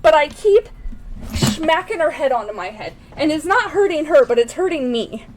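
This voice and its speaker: High-voiced animated woman streamer. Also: moderate pace, slight background noise, poor audio. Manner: animated, swings between reading aloud and cooing at a baby. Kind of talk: casual game streaming with read-aloud narration.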